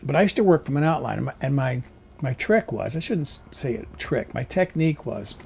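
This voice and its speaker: Gravelly, husky-voiced man vlogging casually. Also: medium pitch, animated, fairly quick, a little mellow. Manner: chatty, rambling, opinionated. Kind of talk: casual rambling monologue. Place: home kitchen.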